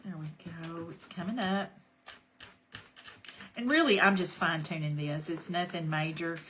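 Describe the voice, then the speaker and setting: A woman with a voice on the low side and a measured pace hosts a craft tutorial livestream; her sound is a bit bright, with a little hiss or hum. She chats casually and greets viewers by name between steps of the project.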